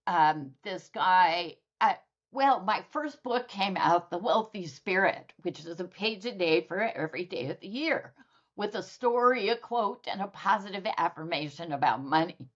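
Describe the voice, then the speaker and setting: A woman guest on a podcast telling stories in a lively, conversational way and acting out the people in them. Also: on the low side, a little slow, dull audio. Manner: lively storyteller who acts out dialogue. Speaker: guest author.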